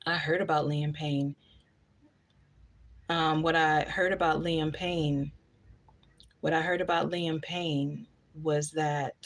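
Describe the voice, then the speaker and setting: A woman, chatting casually on a live stream, reading out viewer comments and answering them bluntly. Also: low voice.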